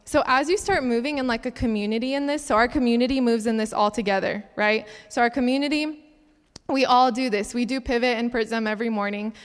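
A young woman giving an animated personal testimony at a church gathering. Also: on the high side, a little fast, clear, resonant tone. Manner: animated storytelling with laughs. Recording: long hall reverb.

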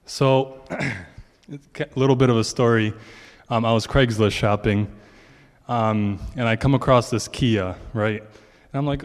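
A man's voice: medium pitch, measured pace, big-room sound. A man giving a casual testimony to a congregation, telling a long story in a chatty way and quoting his own thoughts.

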